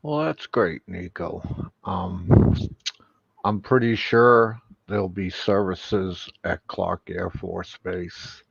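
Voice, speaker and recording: A slow, gravelly man talks hesitantly, full of fillers and pauses. His audio is dull and lo-fi, and it sounds dry, with no room around it. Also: low-pitched, no room sound. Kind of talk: casual chat.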